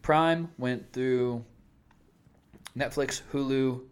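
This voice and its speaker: A man's voice: mid-range voice, extremely slow, smooth. A man hosting a podcast, bantering playfully with his co-host and making joking asides. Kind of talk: casual banter.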